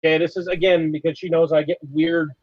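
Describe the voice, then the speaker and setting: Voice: mid-range voice, level tone, fast, lo-fi sound. A co-host in a casual live-stream chat, sharing trivia in a playful, bantering way.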